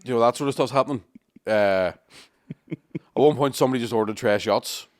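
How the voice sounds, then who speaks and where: A man co-hosting a podcast, jokey and chatty, teasing his co-host. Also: medium pitch. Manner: chatty, jokey, quick interjections. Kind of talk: casual chat.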